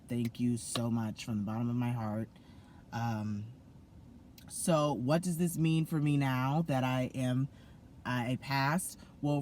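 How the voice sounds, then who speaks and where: A man's voice: medium pitch, slight background noise. Gushing young man vlogging. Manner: gushing, effusive, many fillers and restarts. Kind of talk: excited casual vlog to camera.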